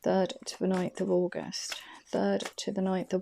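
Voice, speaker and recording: A woman giving a casual, rambling tarot reading to camera, chatty and quick to laugh. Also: mid-range voice, monotone, creaky, noisy background. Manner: rambling and chatty, laughs often, self-correcting. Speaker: intuitive tarot reader.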